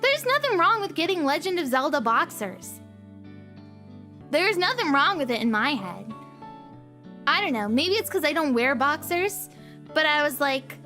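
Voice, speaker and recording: A young woman chatting on a livestream in a high, bright voice that bounces up and down a lot. She giggles often and repeats her own phrases. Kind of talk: casual chat with viewers.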